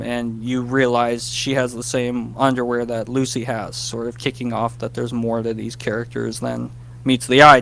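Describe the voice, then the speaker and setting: A man, a guest writer, telling a casual interview story, animated and self-deprecating about his nerves. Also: mid-range voice, slight background noise. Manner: animated, acts out his past self in quick bursts.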